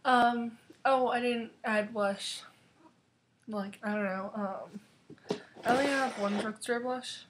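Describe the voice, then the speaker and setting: A young woman in her teens chatting casually through a makeup tutorial, rambling with lots of fillers and quick self-corrections. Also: a little high, fairly even intonation, slight background noise. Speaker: beauty vlogger.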